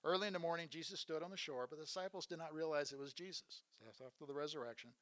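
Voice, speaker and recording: A man's voice: on the high side, very fast, a bit bright. Earnest man preaching a sermon. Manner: earnest, asks rhetorical questions. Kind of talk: sermon retelling Bible stories.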